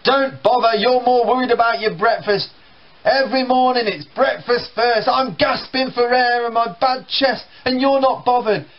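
A man's voice: extremely high pitch, fairly even intonation, slow, few pauses, lo-fi sound, slight background noise, pitched above the performer's own voice, heavily acted. A man voicing a grumpy, breathless father who scolds his sons in exasperated bursts. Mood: grumbling. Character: grumpy breathless middle-aged father, always moaning. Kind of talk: storytelling to a live audience.

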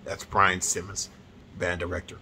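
A man's voice: low voice, monotone, normal speed, pushed and bright, slight background noise. A man, casually telling a heartfelt story to his viewers, earnest and repeating himself as he goes. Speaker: vlogger.

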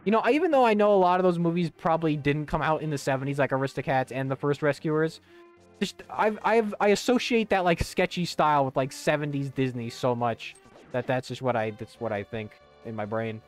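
A man's voice: on the high side, a little fast. A young man streaming a video game, rambling casually with lots of swearing, fillers and restarts. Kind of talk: casual commentary while gaming. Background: faint game music.

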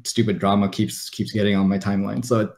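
Podcast host, man, lower voice, halting and easygoing. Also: flat delivery, gravelly, a little mellow. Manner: hesitant, many fillers and restarts. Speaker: podcast host asking questions. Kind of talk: casual chat.

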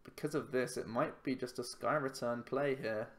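A man's voice: medium pitch, steady tone, moderate pace, a bit bright. A man giving casual commentary while playing a card game, thinking aloud in a chatty, self-mocking way. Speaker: YouTube card game player.

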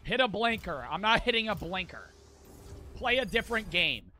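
A man's voice: high voice, sing-song, moderate pace, sharp tone, a little hiss or hum. A man live-streaming a game, chatting with his viewers in a profane, ranting way. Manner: profane, ranting, talks to chat. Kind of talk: casual gaming stream chat.

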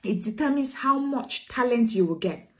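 Woman preacher, high and insistent; emphatic sermon delivery with repeated lines. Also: expressive, moderate pace, darkish tone. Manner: emphatic, repeats phrases, calls listeners sweetheart.

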